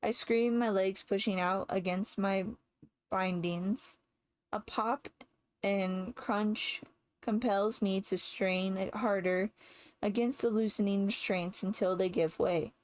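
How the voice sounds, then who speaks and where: A woman narrating a first-person novel aloud in a measured way, now and then rereading a slipped word. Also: medium pitch, fairly even intonation, low-quality recording. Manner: measured, with occasional slips and rereads. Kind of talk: first-person audiobook reading.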